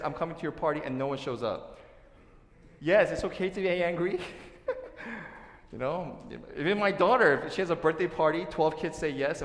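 A man preaching a sermon, acting out quoted voices and swinging from loud outbursts to hushed lines. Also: medium pitch. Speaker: pastor. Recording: echoey hall.

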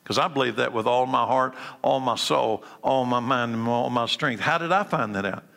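A man preaching a sermon, swinging from hushed, slow lines to emphatic, rising ones and repeating his key points. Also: mid-range voice, vocal fry. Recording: long hall reverb.

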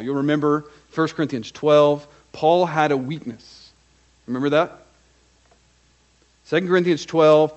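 A man preaching a sermon, speaking directly to the congregation and often checking in with a quick "right?", shifting between emphatic raised lines and quiet low asides. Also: low-quality recording. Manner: earnest, direct address with frequent "right?" check-ins. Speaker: pastor.

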